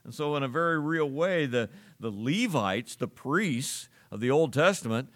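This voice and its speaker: Man preaching, earnest and halting. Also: medium pitch, lively intonation, a bit bright. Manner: earnest preaching with frequent "uh" fillers. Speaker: pastor. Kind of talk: sermon.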